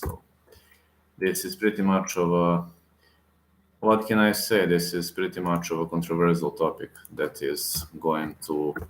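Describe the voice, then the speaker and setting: Speaking to the camera in a fairly low voice, a man vents heatedly in the style of an MMA reaction vlogger, looping back to the same points and hammering them again. His delivery is repetitive and emphatic, packed with fillers and restarts. The room gives his voice a noticeable echo, and there's a slight hiss or hum.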